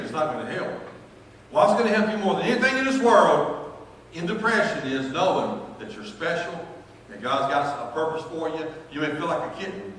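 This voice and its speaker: A man preaching a sermon as pastor, animated and swinging between loud bursts and hushed asides. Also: fairly high pitch, slight background noise. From North Carolina, US. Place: church sanctuary. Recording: echoey church hall, from far off.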